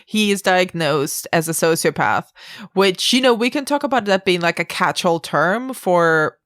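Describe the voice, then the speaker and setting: Thoughtful lower-voiced woman co-host. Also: expressive, unhurried, fairly bright tone, dry recording, studio quality. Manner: thoughtful, reflective, casually profane. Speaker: podcast co-host. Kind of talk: casual film discussion chat.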